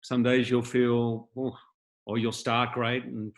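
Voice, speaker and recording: A man's voice: medium pitch, monotone, slow. A man being interviewed as the patron of an acting school, telling candid, reflective anecdotes over a video call. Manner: reflective, openly shares feelings.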